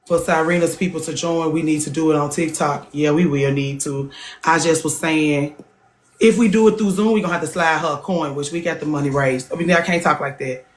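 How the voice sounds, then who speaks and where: A woman hosts a casual livestream chat, speaking bluntly and animatedly. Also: fairly quick. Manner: blunt and animated, jumps into higher voices for emphasis. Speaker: podcast host.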